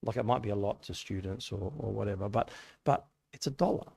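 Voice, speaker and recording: A man's voice: on the low side, a little fast, creaky, darkish tone, breathy edge. A man giving a casual, conversational sermon to a youth group, telling stories and asking rhetorical questions. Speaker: youth meeting speaker. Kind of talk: casual sermon to young people. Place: church hall.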